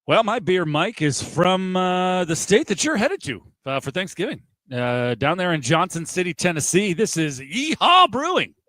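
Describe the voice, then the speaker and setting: A man's voice: high-pitched, expressive, normal speed, few pauses, a bit bright, dry recording. A man co-hosting a casual podcast, talking in an easygoing, agreeable and upbeat way. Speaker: podcast co-host. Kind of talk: casual chat. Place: home garage.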